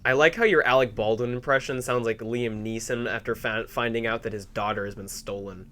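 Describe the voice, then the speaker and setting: A young man hosting a podcast in casual banter, sarcastic and quick to laugh. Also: mid-range voice, a little hiss or hum. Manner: animated, jokey, sarcastic, laughs often. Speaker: podcast host.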